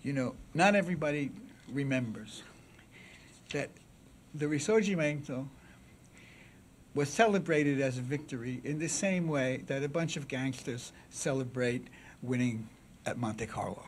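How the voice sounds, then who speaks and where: A man giving a public lecture at a symposium, with dramatic swings from loud declaiming to a near-whisper, and asides to the audience. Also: mid-range voice, measured pace, pauses often, slight background noise. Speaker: symposium speaker.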